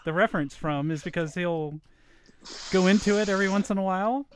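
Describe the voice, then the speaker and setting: A woman's voice: fairly low pitch, fairly quick, a little hiss or hum. A woman hosting a casual chat, with a faint Southern US accent, chatty and teasing as she asks questions. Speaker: podcast host.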